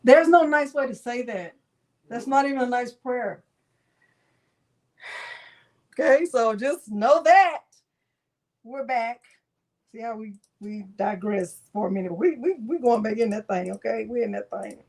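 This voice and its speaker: A middle-aged woman runs a live craft software tutorial with a fairly high voice. She chats easily and calls out to her viewers by name between steps. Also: expressive, measured pace, pauses often. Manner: chatty, talks to viewers by name while demonstrating.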